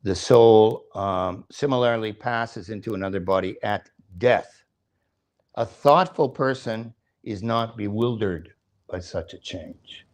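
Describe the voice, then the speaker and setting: Older man, very deep voice, sermon. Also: slow pace. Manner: explains scripture, chants verses, asks the audience questions; jokes, chuckles between points. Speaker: temple speaker.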